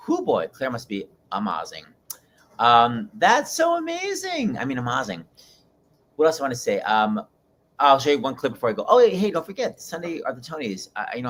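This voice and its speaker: A male talk-show host gushes and jumps between asides and plugs, saying "oh my God" often. His voice sits low, with faint noise in the background. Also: fairly bright tone. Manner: gushing, rapid asides, repeats "oh my God". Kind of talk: casual talk-show monologue.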